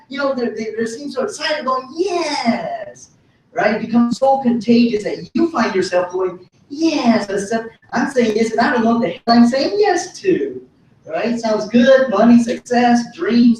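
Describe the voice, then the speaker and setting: A man giving a motivational business talk, telling his story in an animated, folksy way with punchy repetition. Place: hotel ballroom. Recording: echoey hall from far off, faint rumble.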